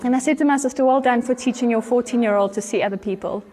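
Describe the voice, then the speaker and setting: A woman pastor, telling a story in an animated way during a sermon. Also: a little high, fast talker. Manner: animated storyteller, acts out voices with laughter. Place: church.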